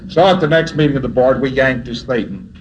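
A man's voice: mid-range voice, animated, fairly quick, lo-fi sound, very noisy. A man giving an anecdotal lecture who chuckles often and acts out dialogue in his stories.

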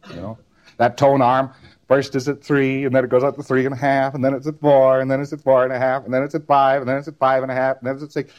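A man's voice: mid-range voice, flat delivery, quick pace, darkish tone, dull audio. A man giving a recorded lecture, rambling and repeating words in rhythmic runs, often ending on a tag question.

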